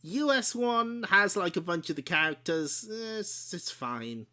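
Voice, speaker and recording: A man's voice: high voice, expressive, a little slow, bright, forceful tone, clean tone. A man hosting a game stream, chatting casually and laughing often as he shows off old game discs. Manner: chatty, giggly, self-correcting. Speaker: streamer host.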